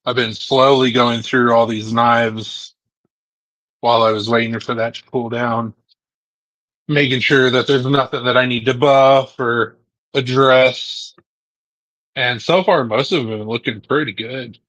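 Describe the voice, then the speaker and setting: A man's voice: medium pitch, steady tone, unhurried, a bit bright, no room sound, low-quality recording. A man making knives in a garage workshop, chatting casually with his co-host while he works. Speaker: knifemaker streamer. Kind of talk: casual chat while working.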